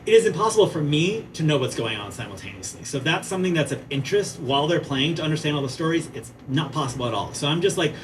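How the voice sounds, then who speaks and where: A man teaching playwriting in a conference talk, lively and chatty, often checking in with "right?". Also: fairly high pitch, quick pace, few pauses, far from the mic, noisy background. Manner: animated, asks "right?" often, chatty asides. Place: museum theater at a conference.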